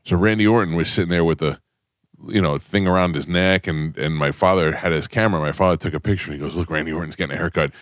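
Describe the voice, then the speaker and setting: Brief: low-voiced male radio host, rambling storyteller, dry studio sound. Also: quick pace, no room sound. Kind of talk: casual morning radio chat. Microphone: studio microphone.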